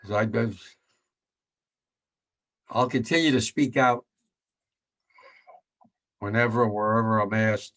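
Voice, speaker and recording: A man's voice: fairly low pitch, fairly even intonation, takes it slowly, long pauses, a bit bright. A man in his nineties giving a blunt remembrance talk as a war veteran, repeating his points with rising force. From United States. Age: 90s.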